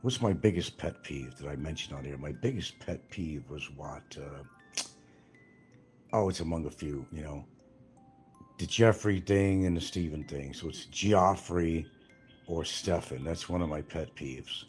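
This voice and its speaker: Husky, low-voiced older man rambling. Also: unhurried, a little mellow, faint music behind. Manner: meandering, swears freely, jumps between topics. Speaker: livestream host. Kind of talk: casual rambling monologue.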